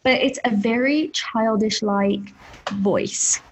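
A woman co-hosting a casual podcast, her voice sitting a little high and leaping up when she gets indignant. She talks loosely and animatedly, with a faint noise in the background. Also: takes it slowly, poor audio. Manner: animated, rising pitch when worked up. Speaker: podcast co-host.

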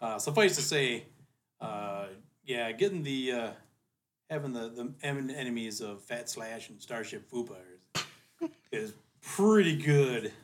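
A man's voice: medium pitch, very animated, a little slow, slight background noise. A young man and podcast co-host in casual chat, hesitant and sometimes exasperated, with many fillers.

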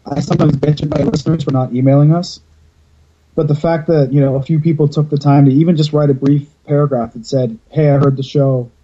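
A man's voice: a little high, steady tone, fast, warm tone, muffled recording. A man hosting a podcast over a video call, telling stories in a rambling, casual way and swearing freely. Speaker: podcast host.

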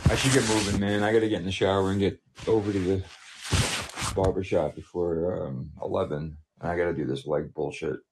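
A man with a very deep voice rambles through a casual group call, dropping curse words as he goes. His talk is loose and unhurried. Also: steady tone, background noise. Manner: rambling, swears often.

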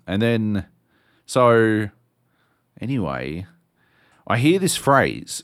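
A man, co-hosting a podcast and telling a story in an animated, swearing way. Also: low voice. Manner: animated, swears a lot, acts out voices. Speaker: podcast co-host. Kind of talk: casual storytelling chat.

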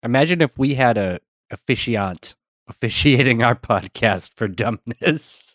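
A man's voice: medium pitch, lively intonation, measured pace, a bit bright, no room sound. Wry man chiming in, dry mic. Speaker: podcast co-host. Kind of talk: casual chat.

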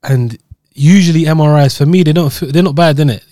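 A man telling a story in relaxed, slangy podcast chat. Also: on the high side, a little fast, no echo, studio quality. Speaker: podcast co-host. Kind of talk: casual banter.

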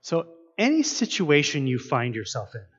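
A man's voice: a little high, huge pitch swings, moderate pace, husky, muffled recording, faint music behind. A man preaching a sermon, earnest and asking his listeners many questions. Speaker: pastor.

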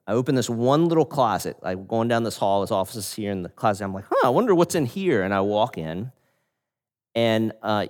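A man preaching a sermon as a pastor, telling stories in an animated way with laughs and frequent restarts. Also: fairly low pitch. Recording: long hall reverb.

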